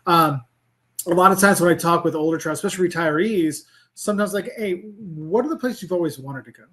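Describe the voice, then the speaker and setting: A middle-aged man, a travel creator, chatting casually in an interview, rambling with lots of "like" and restarts. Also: a little high. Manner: rambling, animated, full of "like" and restarts. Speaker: travel creator and professor, guest.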